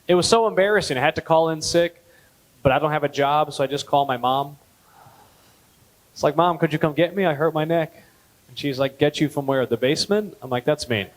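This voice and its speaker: A man in his thirties doing a stand-up comedy set at a gala, telling stories deadpan and jumping up in pitch on punchlines. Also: poor audio. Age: 30s. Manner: deadpan storytelling, with lively jumps in pitch on punchlines. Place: gala event hall.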